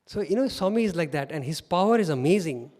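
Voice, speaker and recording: A middle-aged man with an Indian English accent tells stories as a guest speaker. He speaks in a high-pitched, animated voice and laughs often. The sound carries a long reverb, as if from a hall. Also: fast talker. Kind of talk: storytelling talk.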